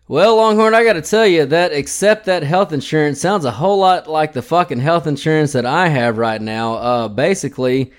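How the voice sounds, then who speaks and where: A man's voice: on the high side, moderate pace, hardly any pauses. A man hosting a podcast in a casual, blunt style with plenty of swearing. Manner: profane, blunt, ranting. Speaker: podcast host.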